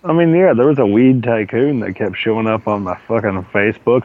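A man's voice: on the low side, a little fast, few pauses, no room sound. A man co-hosting a casual gaming podcast, telling rambling profane stories, with a sore throat. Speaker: podcast co-host. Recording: tinny phone-like line.

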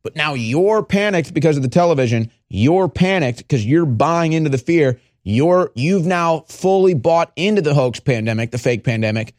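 A male talk show host in a studio, mocking and animated, acting out the people he quotes. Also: a little high, moderate pace, hardly any pauses, no echo. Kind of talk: heated political talk.

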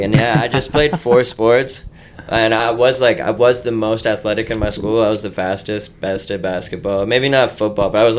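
A man's voice: fairly low pitch, fairly bright tone, a little hiss or hum. A man telling stories as a podcast guest, swearing freely and laughing often. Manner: profane, laughing storyteller. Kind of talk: casual chat.

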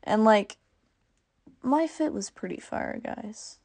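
A teenage girl hosting her own podcast, chatting casually, with lots of "like" and quick self-corrections. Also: on the high side, expressive, gravelly, darkish tone. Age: teens. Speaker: podcast host. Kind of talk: casual chat.

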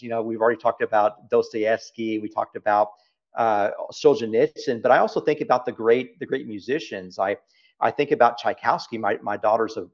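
A middle-aged Texan man talks in an interview, his pitch rising and falling widely as he presses each point home and repeats key phrases. The sound is dull and lo-fi. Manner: emphatic, repeats phrases for stress. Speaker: guest, private equity CEO. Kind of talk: reflective interview talk.

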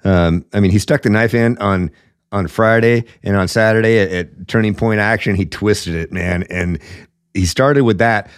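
A man's voice: lowish voice, normal speed, smooth, no echo, studio quality. Blunt, emphatic male political host. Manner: blunt, emphatic, says "man" often, many fillers. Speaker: podcast host. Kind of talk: opinionated political commentary.

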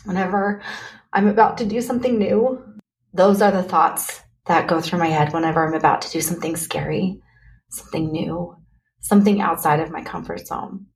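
A woman hosting her own podcast, talking candidly and earnestly to listeners in a motivational pep talk, speeding up then slowing on key words. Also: fairly low pitch. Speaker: podcast host.

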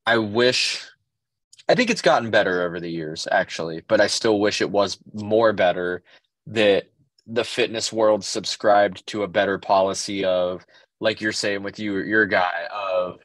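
A man's voice: on the low side, a little slow, fairly bright tone, no room sound. A man co-hosting a podcast, telling rambling stories in casual chat with lots of fillers and swearing. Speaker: podcast co-host.

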